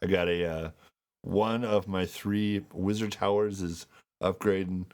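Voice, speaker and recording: Low-voiced joking male podcast co-host. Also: steady tone, unhurried, darkish tone. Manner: joking, jumps into silly put-on voices. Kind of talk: casual chat.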